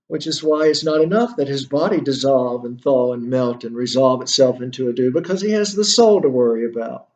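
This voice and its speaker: A male instructor with a fairly high-pitched voice gives a literature lecture, thinking out loud and using many fillers and rhetorical questions.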